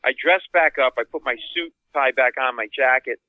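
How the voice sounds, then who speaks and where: A comedian telling an animated comic anecdote, acting out the other people's voices as he goes. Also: medium pitch, normal speed, dry recording, phone-quality sound. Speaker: guest comedian.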